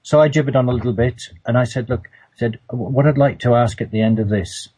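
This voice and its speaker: A man's voice: medium pitch, fast talker, mellow, slightly rough, low-quality recording. A man telling a personal story in a casual, hesitant way, often repeating words and restarting. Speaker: storyteller recounting a personal trip.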